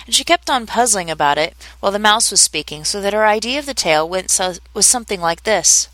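A woman narrating a classic storybook aloud at a steady storytelling pace. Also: medium pitch, quick pace, few pauses, no echo, poor audio. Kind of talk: storybook audiobook reading.

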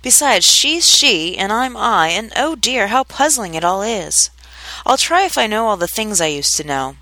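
A woman doing a bright, chattering little girl. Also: mid-range voice, sing-song, moderate pace, dry recording, low-quality recording. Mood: puzzled. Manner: chattering, wondering aloud to herself. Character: curious fretful little English girl.

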